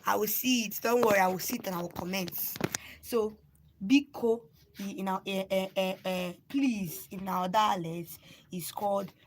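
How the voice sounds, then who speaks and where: Nigerian accent, woman, Igbo native, casual live lesson, spells words letter by letter, patient repetition, mid-pitched voice, faint background noise. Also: steady tone, normal speed. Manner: repeats and spells words out, urging viewers to write them down. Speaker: live-stream language teacher. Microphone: phone.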